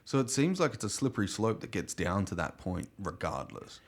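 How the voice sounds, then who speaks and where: Gravelly man, lively and profane. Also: lowish voice, a little fast. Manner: blunt, profane, joking. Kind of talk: casual podcast chat.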